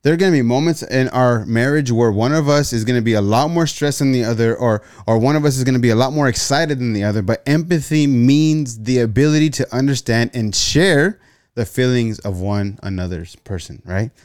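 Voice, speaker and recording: A man's voice: mid-range voice, brisk, clear, resonant tone, no echo, studio quality. A man preaching a sermon on marriage, telling stories and often repeating words as he goes. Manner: repeats words, storytelling, rising animated in anecdotes. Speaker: pastor.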